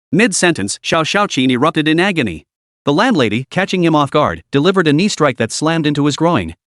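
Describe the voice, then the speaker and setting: A man's voice: on the high side, brisk, dry recording, clean studio sound. A man narrating a dramatic story recap in a scripted reading voice. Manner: lively storytelling, reads all characters' lines himself.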